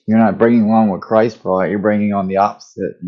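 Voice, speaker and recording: A man co-hosting a comedy podcast, easygoing and quick to laugh, musing with hedges. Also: lowish voice, fairly even intonation, muffled recording. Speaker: podcast co-host. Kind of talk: casual comedic chat.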